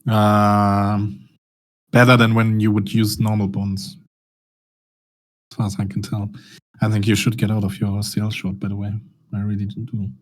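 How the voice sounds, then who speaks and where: A man's voice: on the low side, completely flat delivery, normal speed, long pauses. A man chatting casually with friends about trading. He laughs easily and swears casually. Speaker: trader in a group voice chat. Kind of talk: casual chat.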